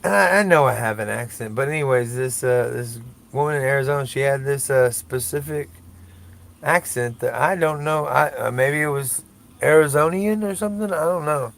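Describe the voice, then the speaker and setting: A man's voice: medium pitch, normal speed, gravelly, fairly bright tone. An older man rambling casually and profanely through a solo podcast, joking at his own expense. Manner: rambling, profane, self-mocking. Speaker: podcast host.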